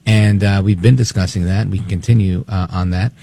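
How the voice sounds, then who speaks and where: A man hosting opinionated political talk radio, animated and snide, acting out quotes as he talks. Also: sits low, a little fast, gravelly.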